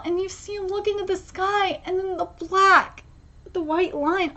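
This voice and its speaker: A woman's voice: extremely high pitch, steady tone, unhurried, bright, forceful tone, highs cut off, a little hiss or hum. A woman streaming a live manga reaction, talking emotionally and rambling with many fillers and restarts.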